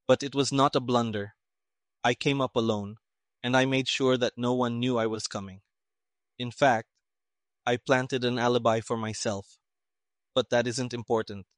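A man voicing a calm young civilian detective who speaks flatly and tonelessly, in an audiobook reading. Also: mid-range voice, moderate pace, long pauses, no room sound, clean studio sound, lightly acted. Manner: flat, toneless, clipped.

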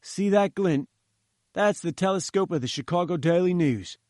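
Man doing a gruff rustic gatekeeper. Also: high voice, lively intonation, moderate pace, a little mellow, dry recording, studio quality, pitched above the performer's own voice. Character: huge gruff male gatekeeper.

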